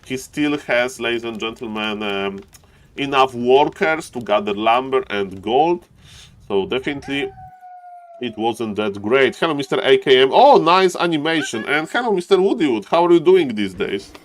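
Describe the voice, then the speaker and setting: A man commentating a strategy game match live, excitable and talkative, who keeps addressing his chat and bursts into high yelps at big moments. His voice sits at a middle pitch, with faint noise behind it. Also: normal speed. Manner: excitable, shouts high when plays happen, addresses chat as ladies and gentlemen. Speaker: esports caster and streamer.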